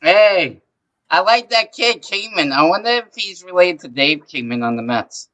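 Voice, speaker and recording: A man's voice: sits high, animated, normal speed, bright, forceful tone. A man calling in to a live stream, chatting and teasing the host. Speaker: caller on the stream. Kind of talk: casual live-stream chat.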